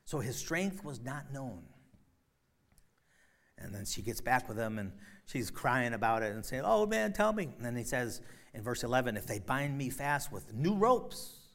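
A man preaching a sermon, retelling a story in a loose, conversational way with many fillers and sudden loud, emphatic bursts. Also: medium pitch, expressive, moderate pace. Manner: frequent fillers and restarts, conversational.

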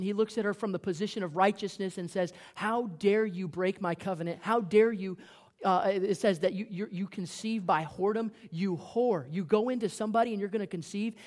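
Emphatic preacher asking rhetorical questions. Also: medium pitch. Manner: reads archaic scripture aloud, then comments. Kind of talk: sermon with scripture reading.

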